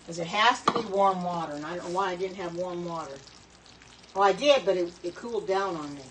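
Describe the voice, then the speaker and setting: A woman's voice: lowish voice, fairly quick, noisy background. Rambling middle-aged woman cooking at home. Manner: rambling, chatty, self-correcting. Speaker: home cook. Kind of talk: casual cooking vlog talk. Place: home kitchen at the stove.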